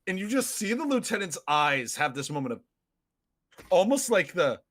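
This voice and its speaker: Excitable man with a high voice. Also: moderate pace, no echo. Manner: excitable, laughs often, shouts quoted lines. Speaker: podcast host. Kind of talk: casual chat.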